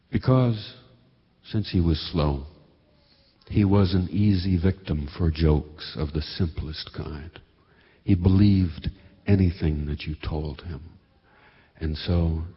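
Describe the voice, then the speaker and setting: Deep, slow, husky male storyteller. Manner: slow, measured, low-key and understated. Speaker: radio storyteller. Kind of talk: reflective spoken monologue. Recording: muffled recording with long reverb.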